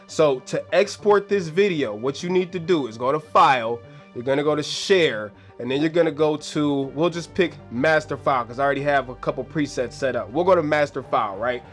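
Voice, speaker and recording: Chill slangy guy walking thru an editing tutorial, voice going hoarse, kinda high, soft music behind. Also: a little fast. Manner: laid-back and slangy, addresses viewers directly. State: hoarse, losing his voice. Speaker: video editing tutorial host. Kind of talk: casual screen-recorded tutorial.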